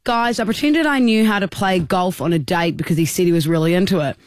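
A man's voice: sits high, quick pace, no echo. A man, co-hosting a radio show, teasing and arguing with his colleague. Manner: teasing, argumentative. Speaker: radio co-host. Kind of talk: casual radio banter.

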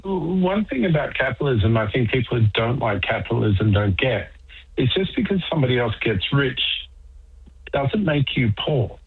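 A male caller phones in to a radio show with dry jokes and firm opinions. His voice is slightly husky and squeezed through a tinny phone line. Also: mid-range voice, sing-song, moderate pace. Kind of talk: phone-in talk.

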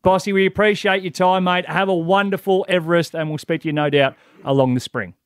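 Laconic radio co-host. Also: male voice, sits high, fairly even intonation, brisk, smooth, no echo. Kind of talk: casual radio banter.

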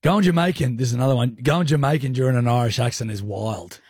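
Teasing male radio co-host, husky voice. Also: mid-range voice, quick pace, darkish tone, no echo. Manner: teasing, laughing often. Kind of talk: breakfast radio banter.

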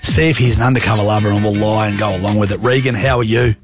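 A man's voice: lowish voice, steady tone, quick pace, over music. A man with an Australian accent hosting a radio show, laid-back and jokey in casual banter. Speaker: radio host.

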